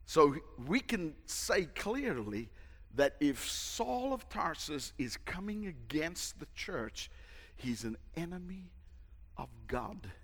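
A male pastor preaching a sermon, emphatic and dramatic, shouting at the peaks. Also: a little high, very animated, slow pace, breathy edge. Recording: long hall reverb.

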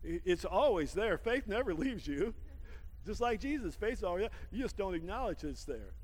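A man preaching a lively sermon, laughing often and swinging from shouts down to hushed asides, with a folksy habit of saying "man.". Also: high-pitched, a little slow, big-room sound. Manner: folksy, calls everyone "man". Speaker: pastor.

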